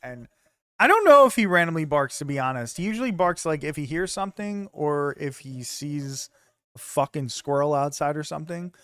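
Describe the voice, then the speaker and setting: Upbeat, higher-voiced male streamer bantering. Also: lively intonation, normal speed, bright, forceful tone, smooth. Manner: loose, joking banter with frequent swearing. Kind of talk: casual chat with live viewers.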